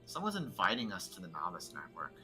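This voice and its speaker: A man's voice: sits low, wildly swooping pitch, brisk, sharp tone, soft background music. A man chatting casually about a video game, talkative and full of filler words. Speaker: co-player. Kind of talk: casual gaming chat.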